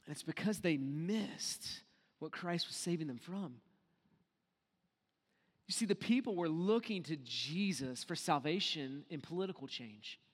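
A man preaching in a church, his voice sitting high for a man. He plays out the quoted voices with energy, then drops to a hush. The sound rings with a long hall reverb. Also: measured pace. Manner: animated, acts out quoted voices, swings from loud to hushed. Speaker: pastor. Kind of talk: sermon.

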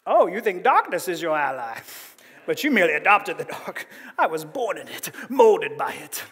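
A menacing masked movie villain, put on by a man preaching in a big reverberant hall. The voice sits high for a man and is barely altered. It stays slow and threatening. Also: big pitch swings, a bit bright, breathy edge, heavily acted.

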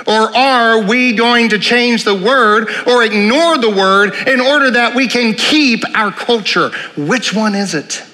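A man's voice: high voice, sharp tone. A man preaching a sermon in earnest, asking rhetorical questions and repeating key phrases. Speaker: pastor. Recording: long hall reverb.

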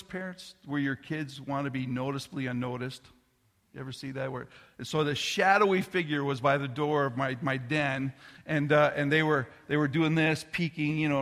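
Middle-aged man, pastor preaching a sermon, loose storytelling with restarts, forceful tone, hall reverb. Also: on the high side. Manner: drops to soft near-whisper. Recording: long reverb of a large hall.

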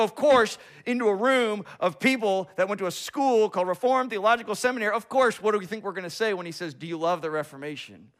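Male preacher, higher voice, dramatic storytelling sermon, swings from loud to hushed. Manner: storytelling with acted-out quotes and big swings in loudness.

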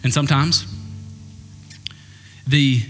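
A man's voice: medium pitch, fairly even intonation, slow pace. A man preaching a sermon, conversational and humorous, slipping into acted voices. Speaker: pastor. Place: church sanctuary. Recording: church hall reverb with guitar playing.

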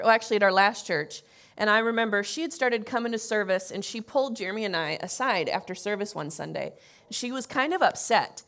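A woman's voice: on the high side, fairly bright tone. A woman pastor giving a conversational sermon to her congregation in church, with frequent fillers and restarts. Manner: conversational, with fillers and self-corrections.

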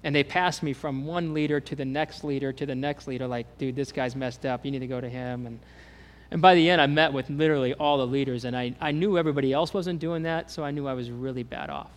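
A pastor preaching a sermon, telling a personal story with earnest restarts and rising up higher and louder when he voices God's words. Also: fast. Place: church sanctuary.

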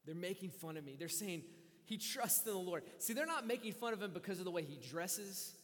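A man preaching a sermon with passion, voicing a psalmist's pleas, moving between quiet, drawn-out lines and loud, urgent ones. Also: high voice, lively intonation, in a large hall. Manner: impassioned, swings from hushed to loud. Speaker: pastor.

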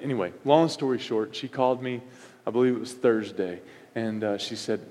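A man's voice: mid-range voice, a little fast, darkish tone. A middle-aged male pastor preaching a sermon, with punchy, repetitive phrasing and emphatic outbursts. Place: church sanctuary. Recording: long reverb of a church hall.

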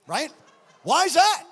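High-voiced, shouting male pastor. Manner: loud, impassioned preaching, often shouting. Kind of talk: sermon. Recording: long hall reverb.

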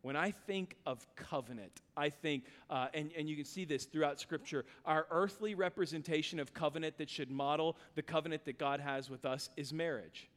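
Animated preacher man in a reverberant hall. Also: fairly high pitch, normal speed, few pauses. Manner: animated storytelling, acting out his son's voice. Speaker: pastor. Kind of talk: sermon.

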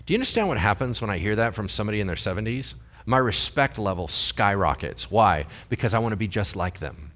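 A man's voice: fairly low pitch, a bit bright. A pastor in his forties preaching a sermon in a church, talking in a joking, conversational way and throwing questions to the congregation. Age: 40s.

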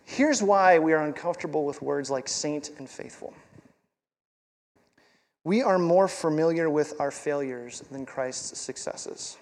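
A man's voice: a little high, measured pace, in a large hall. A male pastor preaching a sermon in a conversational, emphatic way, with rhetorical questions and repeated words for stress.

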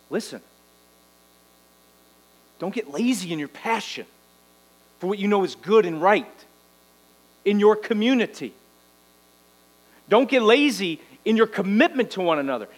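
Male pastor, high voice, exhorting sermon delivery, faint mains hum. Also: expressive, measured pace, pauses often, poor audio. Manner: exhorting, rhetorical "right?" tags.

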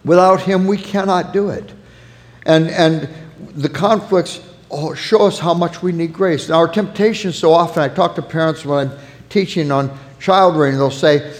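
A man preaching a sermon on parenting, earnest and warm, softening when he tells a family story. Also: on the high side, normal speed. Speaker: pastor teaching on parenting. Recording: long hall reverb.

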